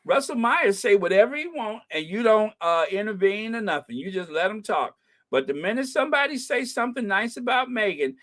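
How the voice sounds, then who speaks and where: Animated woman ranting on a live stream. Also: medium pitch, fairly quick. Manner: animated, heckling, laughs often. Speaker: channel host. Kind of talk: live commentary rant.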